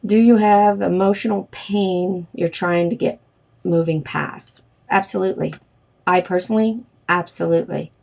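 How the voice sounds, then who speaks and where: A middle-aged woman with a fairly low voice hosts a wellness livestream. She talks casually and rambles, often stopping to correct herself and filling gaps with "um" and "you know.". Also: fairly even intonation, moderate pace, gravelly, darkish tone. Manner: rambling, with many fillers and self-corrections. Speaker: wellness practitioner hosting a livestream.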